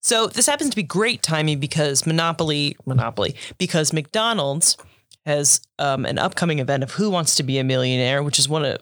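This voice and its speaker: A woman's voice: deep voice, lively intonation, fairly quick, a bit bright, no echo. Chatty woman podcast co-host, dry sound. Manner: chatty, laughs often, acts out quotes. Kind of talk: casual chat.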